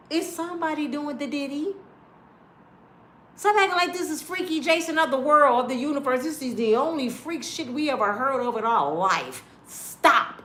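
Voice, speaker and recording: A woman in her fifties ranting casually to her viewers, blunt and profane, telling animated stories, recorded in an echoey room. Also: sits high, moderate pace. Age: 50s. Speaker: online commentator.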